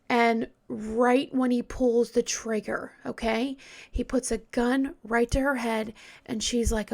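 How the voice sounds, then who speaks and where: A woman telling a true crime story in a casual, hesitant way, often dropping into a hushed whisper. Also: fairly high pitch, level tone, measured pace, creaky.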